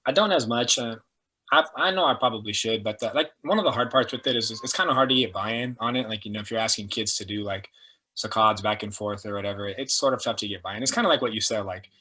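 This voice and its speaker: A man's voice: on the low side, fast talker, sharp tone. A young adult man, a performance coach, telling stories casually and animatedly, with lots of "like" and "dude". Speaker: strength and performance coach, guest. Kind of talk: casual storytelling.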